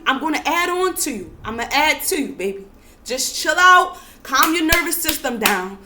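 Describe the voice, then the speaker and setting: American woman, young adult, high-pitched, ringing bright tone, preachy, emphatic, repetitive, builds to near-yelling. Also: a little hiss or hum. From United States. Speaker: spiritual vlogger. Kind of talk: preachy monologue to camera.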